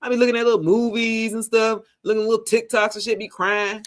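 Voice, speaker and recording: A woman's voice: a little high, little pitch movement, fast talker. Laughing, profane woman reading tarot. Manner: casual, profane, laughing often, talks to viewers as y'all. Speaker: tarot reader.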